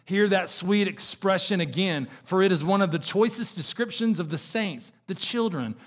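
A man's voice: high voice, lively intonation, moderate pace. A male pastor preaching an expository sermon, asking the congregation question after question and building to emphatic peaks.

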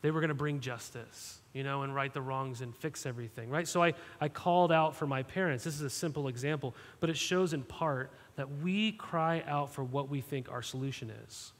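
A man's voice: mid-range voice, a little fast, few pauses. A male pastor giving a sermon, talking straight to the congregation and often checking in with "right?". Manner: direct, questioning, repeats "right?" to the congregation. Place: church sanctuary. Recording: long hall reverb.

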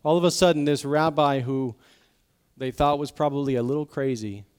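A man pastor giving a sermon in a conversational, emotional way, sometimes dropping to soft, intense tones. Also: a little high, normal speed, clear, resonant tone. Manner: conversational preaching, acts out quoted voices.

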